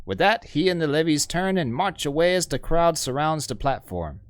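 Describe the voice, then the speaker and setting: A male game streamer, chatty and self-mocking, reading the story aloud with a lively, rising pitch. His voice sits a little high and sounds dry and close to a desk mic. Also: moderate pace, dry recording.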